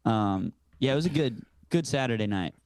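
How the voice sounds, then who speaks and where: A man's voice: mid-range voice, expressive, normal speed, a little mellow, smooth, dry recording. A man co-hosting a comedy podcast, making wry, joking asides in casual chat. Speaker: podcast co-host. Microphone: close podcast mic.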